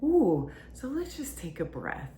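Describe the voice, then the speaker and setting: A woman's voice: deep voice, lively intonation, measured pace, darkish tone, a little hiss or hum. A woman hosting a podcast, explaining relationship ideas in a casual, conversational teaching style. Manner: conversational, explains plainly with fillers.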